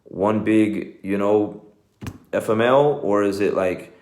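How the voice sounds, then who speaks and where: Middle-aged Texan man, deep voice, earnest coach giving a motivational talk, recorded in a reverberant room. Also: slow pace, darkish tone. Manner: earnest, conversational, says "man" and "okay" often. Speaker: jiu-jitsu coach, show host.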